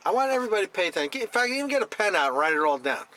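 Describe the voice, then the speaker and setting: A man's voice: sits high, sing-song, fast, few pauses, pushed and bright. A middle-aged man from New Jersey ranting straight to camera, blunt and scornful, with a lot of repetition. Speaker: vlogger.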